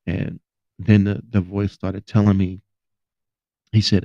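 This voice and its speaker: A man's voice: low-pitched, level tone, takes it slowly, gravelly, long pauses, mellow, no echo, muffled recording. A man hosting a podcast, sharing a personal testimony in an earnest, repetitive storytelling manner. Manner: earnest storytelling, repeats phrases. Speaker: podcast host.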